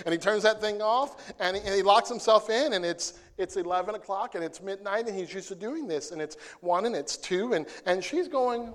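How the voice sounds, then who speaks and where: A man preaching a sermon, playful and animated, who acts out scenes and jokes with the congregation. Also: sits high, normal speed. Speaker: pastor.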